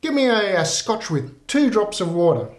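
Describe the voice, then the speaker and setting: Man putting on a shrill, cheeky old lady ordering drinks in a joke, roomy echo. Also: big pitch swings, normal speed. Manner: cheeky, sly punchline delivery. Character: spry eighty-year-old woman at a bar.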